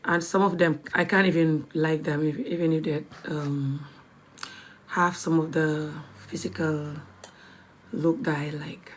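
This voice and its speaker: Slight background noise sits under this low, steady female voice, which runs a little slow. A young Gambian woman is chatting casually and bluntly on a live stream, with plenty of laughter and the odd whisper.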